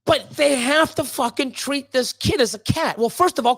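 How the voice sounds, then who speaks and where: Speaking at normal speed in a high voice, a woman streamer rants casually and heatedly to her chat. Constant swearing fills her speech, and she stammers and starts over as her agitation builds.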